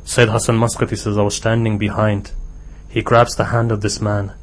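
A man's voice: on the low side, little pitch movement, moderate pace. A man with a British accent preaching a sermon in a mosque hall, telling stories and rising to impassioned exhortation.

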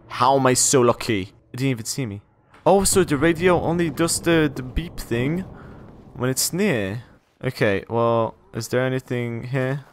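A young man playing a horror game and talking through it, jittery and quick to exclaim and repeat words when scared. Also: mid-range voice, soft background music. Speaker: gaming YouTuber. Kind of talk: horror game let's play commentary.

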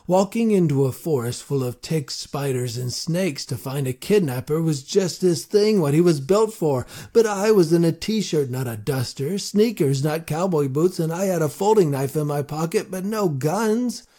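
A man's voice: on the high side, lively intonation, normal speed, hardly any pauses, warm tone, breathy edge. A man earnestly narrating a first-person fantasy audiobook.

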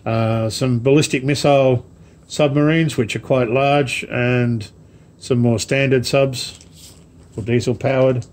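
A man casually showing off a parcel of model ships to camera, rambling slowly with many ums and asides. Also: medium pitch, fairly even intonation, a little mellow. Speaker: wargaming hobby vlogger. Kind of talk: casual unboxing chat to camera.

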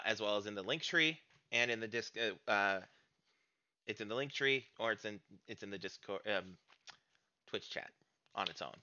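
An American man chats casually at the end of a stream, rambling, with many fillers and restarts. His voice sits a little low but has a bright, forward edge. The audio is dull and lo-fi. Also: a little hiss or hum. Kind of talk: casual stream outro chat.

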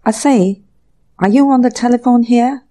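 A narrator doing a flustered young gentleman. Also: mid-range voice, sing-song, voice pushed up. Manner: hesitant, hurried. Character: awkward young man, easily flustered.

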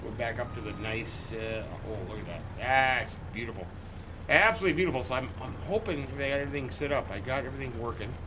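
A man's voice: medium pitch, fast, noisy background. A man chatting casually to viewers while playing a farming game, rambling and cracking jokes. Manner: rambling, joking asides to viewers. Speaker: gaming channel host.

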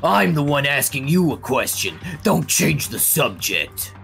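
Man as gravel-voiced young hothead, pushy, lively delivery. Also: mid-range voice, unhurried, soft background music, full character voice. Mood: demanding. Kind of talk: fan voice acting of a game.

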